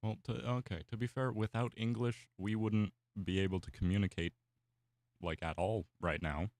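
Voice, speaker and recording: A man's voice: fairly low pitch, steady tone, normal speed, darkish tone, no room sound, clean studio sound. A man whose first language is Spanish, rambling casually with many fillers while he draws on stream. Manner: rambling, musing aloud with fillers. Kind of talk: casual chat while drawing.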